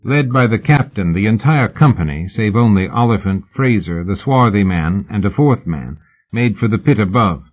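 A man reads a novel aloud in a measured, steady narrating manner. His voice is low and husky. The recording is thin and band-limited, like a phone line. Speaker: audiobook narrator. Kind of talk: scripted narration. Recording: narrow phone-like audiobook sound.

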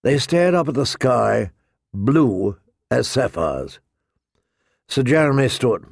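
A man narrating an audiobook in a slow, measured reading. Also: mid-range voice, sing-song, gravelly, no echo, clean studio sound.

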